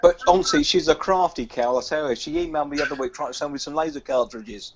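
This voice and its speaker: A man's voice: fairly high pitch, fast. A man hosting a casual home-brewing video hangout, rambling and joking with lots of fillers. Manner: jokey, rambling, lots of "like" and "sort of". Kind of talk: casual banter on a group video call. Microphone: video call. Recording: dull lo-fi video call audio with background noise.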